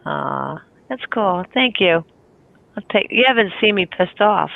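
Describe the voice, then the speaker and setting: Raspy warm woman on a tinny line. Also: fairly low pitch, expressive, unhurried. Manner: chatty, laughs often. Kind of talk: casual group voice chat.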